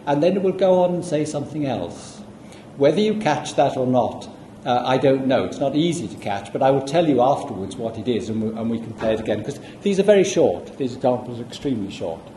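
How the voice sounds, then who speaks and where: A man giving a public lecture, explaining at a measured pace with asides to the audience. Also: medium pitch, expressive, warm tone, slight background noise. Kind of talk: public lecture with audio playback. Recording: echoey room, faint ambience.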